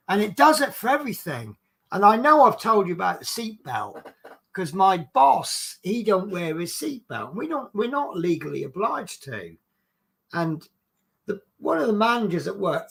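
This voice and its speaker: Gravelly-voiced British man telling stories. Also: high-pitched, poor audio. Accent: British English. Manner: chatty, animated, laughs at own stories. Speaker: coach driver and streamer. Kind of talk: casual anecdotal storytelling on a stream.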